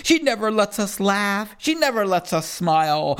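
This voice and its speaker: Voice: medium pitch, sing-song, moderate pace, fairly bright tone, clean tone. A reader performing rhyming children's poems in a first-person kid's voice, with a playful sing-song delivery.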